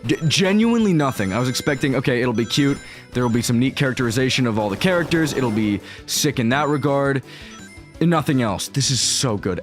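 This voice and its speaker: A young man gushing through let's-play commentary, casual and excited, with slang and swearing. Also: medium pitch. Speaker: gaming streamer.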